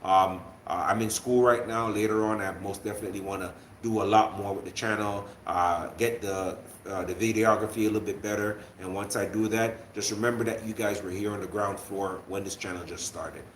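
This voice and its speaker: A man's voice: on the low side, fairly even intonation, brisk, few pauses, a bit bright, echoey room, a little hiss or hum. A young man from Jamaica with a light Jamaican accent, hosting a casual livestream and rambling with many restarts and fillers. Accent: Jamaican, usually toned down to an American accent. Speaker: livestream host. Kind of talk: casual livestream chat to viewers.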